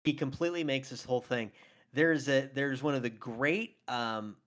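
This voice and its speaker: In a relaxed film-debate episode, a podcast co-host talks eagerly, laughing a lot and leaning on fillers. He speaks at a moderate pace with a medium pitch and a fairly bright tone.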